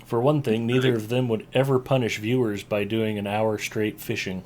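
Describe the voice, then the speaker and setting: A man hosting a live game stream, chatting casually and giving shout-outs to viewers and friends. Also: lowish voice, flat delivery, moderate pace. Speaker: streamer host.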